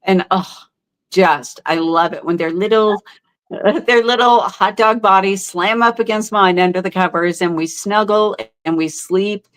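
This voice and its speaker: A middle-aged woman telling her own story as a podcast guest, heartfelt and halting, with many fillers and restarts. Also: mid-range voice, fairly even intonation, a bit bright. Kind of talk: candid interview storytelling.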